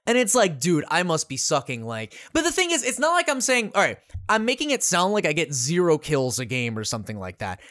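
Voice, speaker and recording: This co-host talks in a lively voice that rises and falls a lot and curses freely while rambling through gaming anecdotes. The sound is dry and close, with no room around it. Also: medium pitch, brisk, few pauses, no room sound. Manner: animated, profane storytelling. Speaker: podcast co-host. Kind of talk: casual podcast chat.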